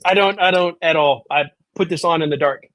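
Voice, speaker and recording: A man's voice: fairly high pitch, a little fast, fairly bright tone, no echo. A man co-hosting a podcast, chatting casually in a rambling, profane, self-mocking way. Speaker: podcast co-host. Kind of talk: casual chat.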